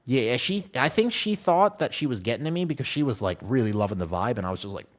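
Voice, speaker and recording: Lively rambling male streamer. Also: mid-range voice, fast. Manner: rambling, self-deprecating storytelling; reads chat messages aloud and answers them. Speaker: game streamer. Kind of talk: casual live-stream chat.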